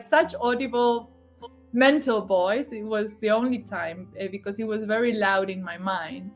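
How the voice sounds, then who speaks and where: Emotional woman telling a personal story. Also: fairly high pitch. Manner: emotional, laughs often, acts out dialogue. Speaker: guest sharing spiritual story. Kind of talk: casual personal testimony.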